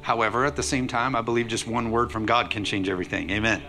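A male pastor giving a sermon to a congregation in a church, preaching in an energetic, conversational way with playful asides. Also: medium pitch, fast talker, music in the background.

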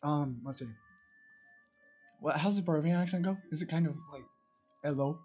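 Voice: mid-range voice, brisk, darkish tone, breathy edge, soft background music. Laughy player in a tabletop game, narrating moves, asking about rolls. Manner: giggly, narrates actions and asks rules questions. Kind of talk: casual tabletop play.

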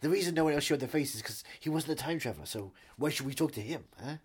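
A man's voice: fairly high pitch, animated, fast, husky. A man co-hosting a casual chat, joking and playful, slipping into silly bits. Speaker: podcast co-host.

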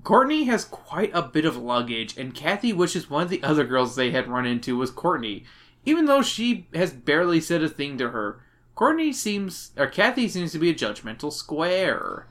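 A man's voice: fairly high pitch, sing-song, normal speed, a bit bright. A drunk man hosting a podcast, recapping a book with sarcastic, giggly asides. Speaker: podcast host.

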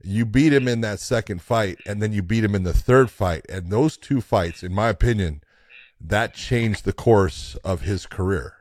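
A man's voice: lowish voice, moderate pace, a little mellow, no room sound. A man co-hosting a podcast, explaining his view steadily and building it on analogies. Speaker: podcast co-host. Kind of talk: casual podcast conversation.

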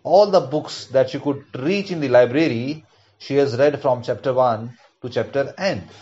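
A man, reading a children's storybook aloud in an expressive, lilting voice. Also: mid-range voice, moderate pace, muffled recording. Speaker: narrator.

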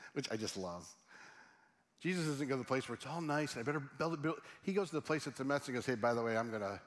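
A middle-aged man preaching a sermon in a humorous, conversational way, often asking his audience questions. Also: mid-range voice. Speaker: pastor.

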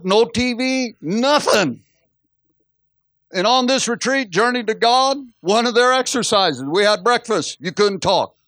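A man's voice: high voice, unhurried, no room sound, studio quality. A middle-aged man preaching a sermon as pastor, telling stories and acting out quotes with laughter. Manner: storytelling, animated, acts out quotes with laughs.

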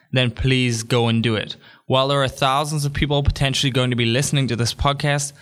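Upbeat young male podcast host, chatty monologue with quick jokey asides, mid pitch. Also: fairly bright tone. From England.

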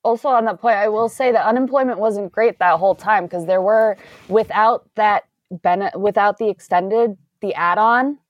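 A woman's voice: mid-range voice, moderate pace, no room sound, muffled recording. A woman in a casual podcast discussion, talking animatedly with frequent restarts. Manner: animated, restarts often, laughs while talking.

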